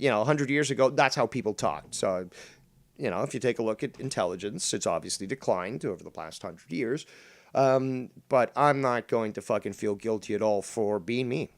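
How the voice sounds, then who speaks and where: A man streaming a rant in reply to a critic, combative, boastful and full of profanity. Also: mid-range voice. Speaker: streamer reacting to a critic's videos. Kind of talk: ranting commentary.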